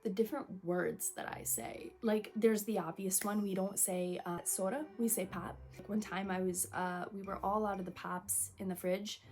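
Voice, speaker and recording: A woman's voice: mid-range voice, normal speed, hardly any pauses, faint music behind. A young woman from Michigan with a Michigan accent, talking casually to camera in a chatty, swearing vlog style. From Michigan, USA. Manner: chatty, swearing, animated quoted voices, dramatic whispers. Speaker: vlogger.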